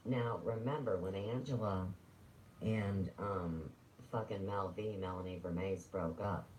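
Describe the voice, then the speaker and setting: Deep-voiced man in a profane rant. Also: a little slow, a little mellow, slight background noise, rough recording. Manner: profane, rambling, sarcastic. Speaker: livestreamer. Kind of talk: rambling livestream rant.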